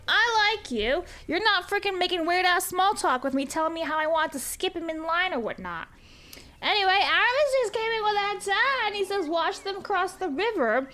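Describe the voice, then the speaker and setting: A woman live-streaming a game, rambling through stories and reading donations in a casual, swearing, animated way. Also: very high-pitched. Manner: rambling, swears freely, laughs at her own stories.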